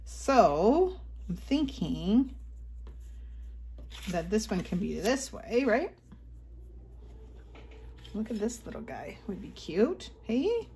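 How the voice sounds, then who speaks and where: A woman talks slowly and casually as she stitches and makes crafts, thinking aloud and clearing her throat now and then. A sewing machine runs at times, and a faint hiss sits under her voice. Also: medium pitch, big pitch swings, warm tone. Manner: chatty, thinks aloud while working, frequent throat clearing. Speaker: craft vlogger. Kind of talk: casual craft tutorial chat.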